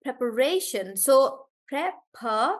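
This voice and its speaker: A woman teaching English pronunciation in a live class, repeating each word slowly to model the stress and calling on students by name. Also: high-pitched, big pitch swings. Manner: calls on students by name and checks in with them.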